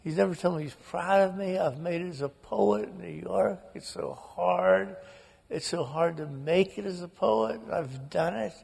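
A man doing a shrill, desperate woman pleading. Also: lively intonation, normal speed, vocal fry, few pauses, a little mellow, slightly rough, long reverb tail, full character voice. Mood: tearful. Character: distraught adult woman pleading and screaming at her dying father.

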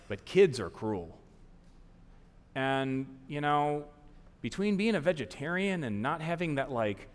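A man in his forties from the American South telling a live story on stage in an animated, self-mocking way, acting out the people he quotes. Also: mid-range voice. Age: 40s. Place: large theater stage before an audience. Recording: long theater hall reverb.

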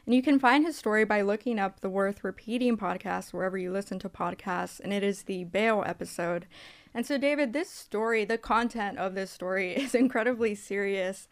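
A woman's voice: mid-range voice, fairly quick. A woman hosting a radio talk show, introducing guests and asking questions in a friendly, upbeat way. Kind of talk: radio interview.

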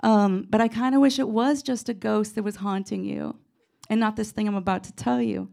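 Woman as a chatty male cop friend, sincere, gravel in the voice. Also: mid-range voice, steady tone, normal speed, warm tone, close to an everyday voice. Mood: earnest.

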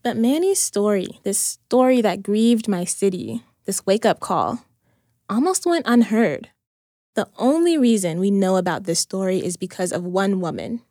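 A woman host giving steady, deliberate scripted narration. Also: medium pitch, no echo, studio quality. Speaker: podcast host.

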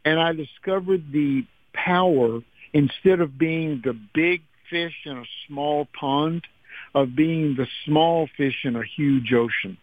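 Older male guest, lively anecdote teller, slightly higher voice, dry muffled radio sound. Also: slow pace, no echo. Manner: animated anecdotes with acted quotes. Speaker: musician guest. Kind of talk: storytelling interview.

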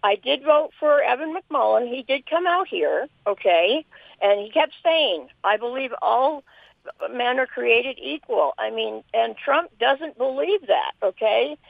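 A woman's voice: fairly high pitch, lively intonation, a little slow, gravelly, no echo. Impassioned older woman calling in. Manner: emotional, impassioned, pleading. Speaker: caller. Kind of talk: call-in radio talk. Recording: phone line, lo-fi.

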